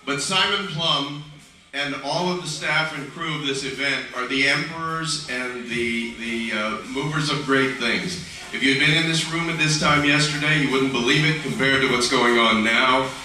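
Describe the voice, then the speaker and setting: A man's voice: medium pitch, sharp tone. Earnest middle-aged man thanking fans on stage. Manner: earnest, grateful, halting. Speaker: guest voice actor. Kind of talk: convention speech. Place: large convention hall. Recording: echoey hall from far off.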